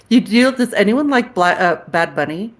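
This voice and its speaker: A woman hosting a casual livestream, chatting frankly with viewers and answering their comments aloud, with the odd curse word. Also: medium pitch. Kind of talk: casual live-chat talk.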